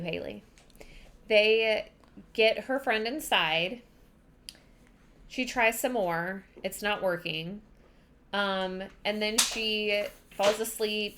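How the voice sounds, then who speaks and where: A woman's voice: mid-range voice, fairly bright tone, slight background noise. A young woman hosting a book podcast, giving a chatty, rambling recap full of fillers. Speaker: podcast host.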